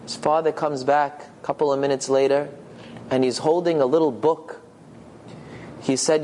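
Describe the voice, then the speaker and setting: A man telling a moral story as a sermon, with animated, dramatic delivery. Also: fairly high pitch, normal speed, pauses often, a little hiss or hum. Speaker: storyteller, religious speaker.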